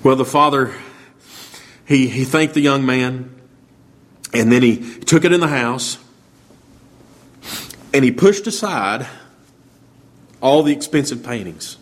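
A man's voice: mid-range voice, slow pace, long pauses. Folksy male preacher telling a story. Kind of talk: sermon storytelling.

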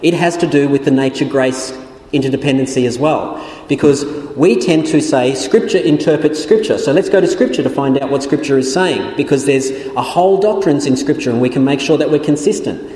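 A man's voice: medium pitch, brisk, warm tone. Guy lecturing on theology, explains as he goes, lots of restarts, big echoey hall sound. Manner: explanatory, many restarts and fillers. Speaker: Bible teacher. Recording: echoey room with long reverb.

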